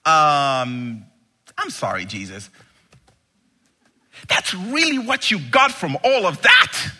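Man preaching, bright voice, slightly husky, emphatic, rhetorical questions. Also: high-pitched, wildly swooping pitch, slow, long pauses. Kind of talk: sermon.

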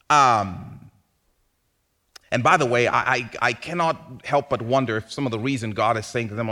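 A man preaching a sermon in a conversational way, asking rhetorical questions and swinging from hushed lines to loud bursts. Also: medium pitch, very animated, normal speed. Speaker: pastor.

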